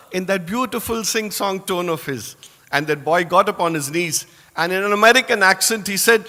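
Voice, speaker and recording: A man's voice: high-pitched, lively intonation, moderate pace, pushed and bright. A man in his sixties from Indore, India, with an Indian English accent, telling a devotional story as an alumnus, earnest and reverent. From Indore, North India. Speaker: alumnus giving a devotional talk. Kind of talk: reminiscing devotional speech. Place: large assembly hall. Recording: long hall reverb.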